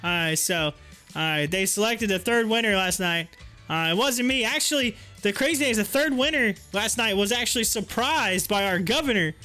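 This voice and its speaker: A man's voice: high-pitched, bright, forceful tone. A man hosting a stock market livestream, telling a rambling story with many fillers and frequent giggles. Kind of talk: casual livestream chat.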